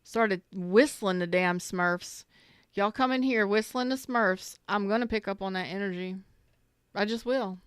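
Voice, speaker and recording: A woman's voice: medium pitch, unhurried, clean tone, dry recording, studio quality. A woman doing a live tarot reading on a stream, chatty and slangy, greeting viewers by name and repeating herself. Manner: swears casually, slangy.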